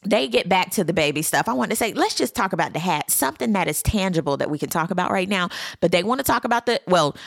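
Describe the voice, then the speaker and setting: A woman, giving a sassy, animated recap as a reality TV host. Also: fast, gravelly, hardly any pauses, no echo, studio quality. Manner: sassy, animated commentary with dramatic pitch swings. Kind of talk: casual chat.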